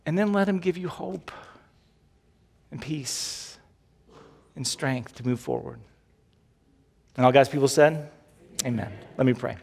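A man's voice: high-pitched, fairly even intonation, normal speed, creaky, pauses often, darkish tone. Man, pastor, sermon, repeating rhythmic phrases, long reverb of a big hall. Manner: repetitive preaching cadence.

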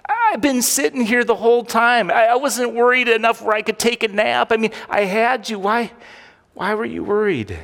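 A gently reassuring Jesus, as a preacher voices him in a sermon, set a little higher than the preacher's normal voice. The long reverb of a church hall carries each line, and the tone stays soft and calming throughout. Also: male voice, normal speed, gravelly, heavily acted. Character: calm, reassuring Jesus, a grown man.

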